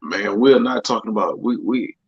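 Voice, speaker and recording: A man co-hosting a livestream in casual chat, laid-back and quick to laugh. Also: lowish voice, creaky, husky, dull audio. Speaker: co-host.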